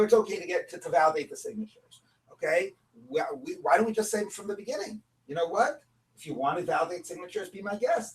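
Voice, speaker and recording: A man teaching a Talmud class, explaining in a lively, conversational way and asking rhetorical questions of the students. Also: high voice, far from the mic, poor audio.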